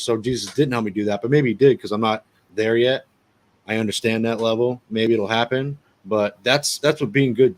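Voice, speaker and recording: A man's voice: medium pitch, a bit bright. A man tells a story in casual chat. He is blunt and swears freely, talking loosely like he is with a friend. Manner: blunt, profane, conversational.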